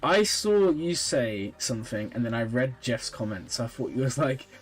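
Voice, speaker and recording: A man's voice: mid-range voice, normal speed, slightly rough, soft background music. A tired man chatting casually on a live stream, answering viewers' questions. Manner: relaxed, chatty, reads and answers chat comments with small laughs. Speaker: streamer reviewing viewers' game accounts.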